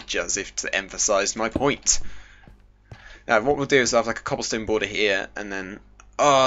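A man's voice: on the low side, fairly even intonation, normal speed, noisy background. A British teenage boy rambling and joking as he plays, sweating in the heat, with a muffled home recording and faint music behind him. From Britain. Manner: rambling, jokey, puts on silly voices. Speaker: gaming YouTuber. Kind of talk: casual Minecraft let's play commentary.

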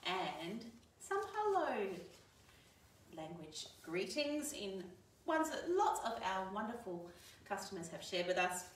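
Leading a livestreamed singing session for babies and toddlers, a library children's presenter talks cheerily and sing-song to the little ones and their parents. Her voice is mid-range and unhurried, heard from a distance in an echoey room.

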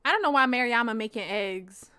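A woman's voice: fairly high pitch, animated, fairly quick, bright, forceful tone, clear, resonant tone. A woman in her twenties giving playful, slangy, profane let's-play commentary as a channel host.

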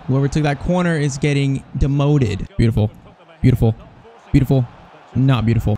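A young man commentating over his own football video game, excitable and jokey, swinging between hype and mock despair. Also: medium pitch, brisk, a little hiss or hum. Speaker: gaming YouTuber.

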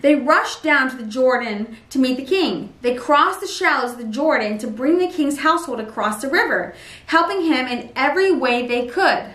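A woman reads scripture aloud at a steady, plain pace. Her voice sits high. The sound is roomy, and she is some way from the mic. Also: normal speed. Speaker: Bible reader. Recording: roomy echo, mic at a distance.

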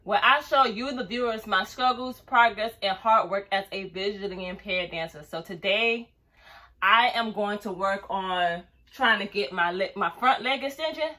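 A woman's voice: medium pitch, moderate pace, sharp tone. A young woman vlogging her dance workout at home, chatty and out of breath, counting reps aloud to a distant camera. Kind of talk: casual workout vlog.

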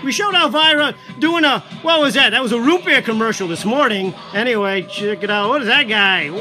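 A man chatting loudly and rambling to live-stream viewers as he shows off collectibles for sale. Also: very high voice, lively intonation, a little fast. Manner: loud, rambling, talks to viewers while showing items. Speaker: livestream seller of collectibles. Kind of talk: casual live-stream chat. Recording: music playing behind. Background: background music.

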